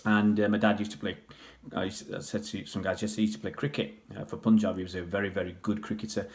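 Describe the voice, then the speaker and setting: On a casual livestream, a Pakistani-born man raised in England fields viewer questions, talking fast in a level tone and a voice on the low side. His answers ramble, full of fillers and restarts.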